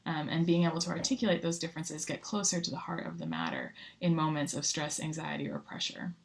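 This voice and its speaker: A woman pastor giving a casual, conversational check-in to her congregation, with frequent pauses and filler words. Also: low voice, expressive. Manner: warm conversational, frequent ums and rights.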